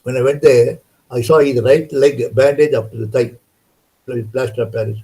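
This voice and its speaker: A man's voice: mid-range voice, fairly even intonation, normal speed, dark tone, low-quality recording. Older man telling devotional stories. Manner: rambling, repeats words and restarts, acts out quoted dialogue. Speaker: devotional speaker. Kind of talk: storytelling spiritual talk.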